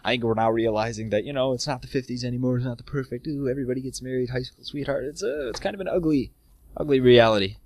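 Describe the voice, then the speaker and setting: A man's voice: mid-range voice, fast talker, darkish tone. A man co-hosting a casual podcast chat, rambling and self-deprecating, laughing often. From United States. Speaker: podcast co-host.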